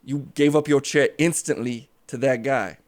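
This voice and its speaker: A man's voice: medium pitch, fairly even intonation, normal speed, close to an everyday voice. A man voicing a brash, insulting former small-town mayor who boasts and trash-talks. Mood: mocking. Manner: boastful, trash-talking, shouty.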